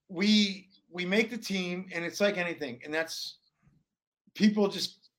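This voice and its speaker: A man in his forties, a former pro hockey player from Alaska, telling stories in a rambling, animated way with many restarts. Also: a little high. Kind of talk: casual storytelling interview.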